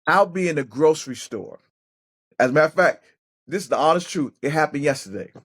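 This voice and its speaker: A man's voice: on the high side, a little fast. A middle-aged man, a former football player turned coach, telling personal stories as a podcast guest, often restarting his words. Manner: animated storyteller who acts out other people's voices; repeats and restarts words while thinking. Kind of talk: casual storytelling interview.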